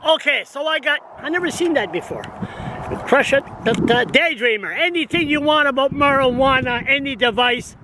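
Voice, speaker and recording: Wind and passing traffic surround a vlogger in his sixties as he delivers a casual, agitated rant to a camera on a stand in a town street. He rambles and repeats himself, speaking at normal speed in a very high-pitched voice.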